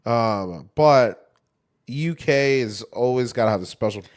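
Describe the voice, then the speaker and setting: Male co-host, 30s, casual rambling chatter with easy swearing, middle pitch. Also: animated, a little slow. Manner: loose, rambling, swears freely; lots of fillers and restarts. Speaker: podcast co-host. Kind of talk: casual chat.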